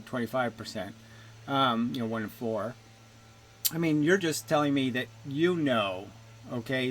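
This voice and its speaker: A man's voice: medium pitch, slight background noise. A man giving a ranting video commentary, abrasive and mocking, swearing and scoffing with short laughs.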